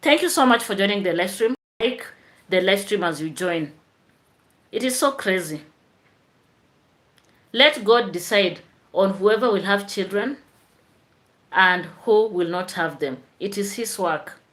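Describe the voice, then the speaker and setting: A woman's voice: medium pitch, animated, measured pace, long pauses, fairly bright tone. A woman teacher hosting a chatty live stream, tired after work, answering viewer comments.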